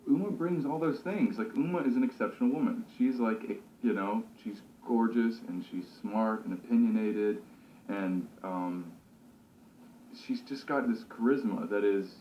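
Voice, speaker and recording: A male actor talking about his role in a casual interview, thoughtful and relaxed, with many fillers and restarts. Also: fairly low pitch, moderate pace, a little hiss or hum. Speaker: actor discussing his character. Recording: slightly dull, roomy recording.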